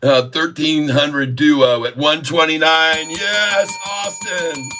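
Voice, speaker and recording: A man hosting a casual stock-trading livestream, excitable, with whoops, laughs and rhyming banter. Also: fairly high pitch, slow, faint music behind. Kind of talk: casual livestream market commentary.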